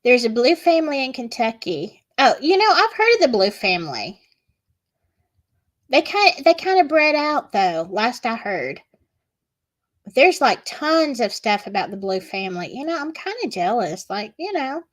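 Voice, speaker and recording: Southern woman streamer, slightly high voice, slow chatty storytelling. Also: sing-song. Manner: chatty, gossipy, reads chat aloud. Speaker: livestream host. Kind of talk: casual livestream chat.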